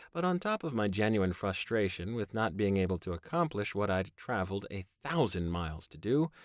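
A man's voice: sits low, no echo, clean studio sound. A man reading a first-person story aloud, wry and sardonic in his narration. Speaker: audiobook narrator.

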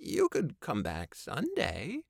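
A man's voice: mid-range voice, wildly swooping pitch, slow pace, creaky, no room sound, pitched above the performer's own voice, heavily acted. A nervous, apologetic young woman who stammers as she tries to keep the peace, as a male audiobook narrator puts her on. The voice sits well above his own register and is read on a dry, close recording. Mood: placating. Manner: stammering, placating. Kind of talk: audiobook character voice.

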